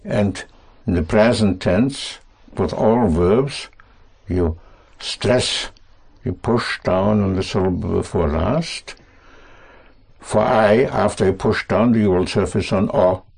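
A man teaching a language lesson to students, speaking slowly and patiently, prompting and correcting them. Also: fairly low pitch, creaky, darkish tone, breathy edge. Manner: slow, patient, reassuring, repeats and corrects.

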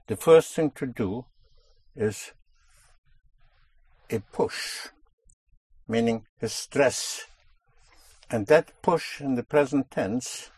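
A male language teacher talks slowly and patiently, drilling single words and checking understanding. His voice is a little husky. The recording is dry and close. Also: mid-range voice, darkish tone, no echo. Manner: slow, patient, drills words and asks "yes?". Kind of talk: spoken language lesson.

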